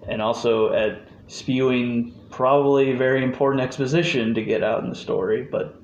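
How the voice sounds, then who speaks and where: A man's voice: mid-range voice, moderate pace. A man with a mid-range voice talks loosely and jokingly about a film. The sound is dull and echoey, with a light hiss behind him. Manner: relaxed, loose, jokey. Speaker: podcast co-host. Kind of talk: casual movie review chat. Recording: muffled echoey room with faint hiss.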